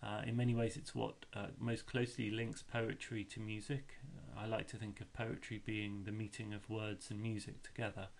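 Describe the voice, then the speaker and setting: Low, gravelly-voiced male teacher. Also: level tone, normal speed, few pauses. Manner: explains step by step, chants rhythms aloud. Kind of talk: classroom lesson explanation.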